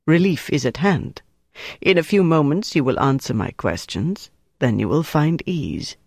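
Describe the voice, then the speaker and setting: A reader voicing a calculating German officer, speaking in a measured, coolly menacing way. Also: male voice, fairly high pitch, animated, vocal fry, dry recording, studio quality, heavily acted. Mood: cold, measured. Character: cold, calculating German officer interrogating a prisoner.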